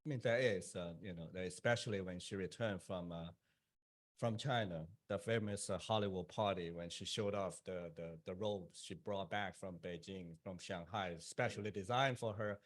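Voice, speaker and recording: A man speaking as an author on a panel, telling lively anecdotes to an audience and laughing at his own jokes. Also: deep voice, moderate pace. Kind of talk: panel discussion. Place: public event, speaking to an audience.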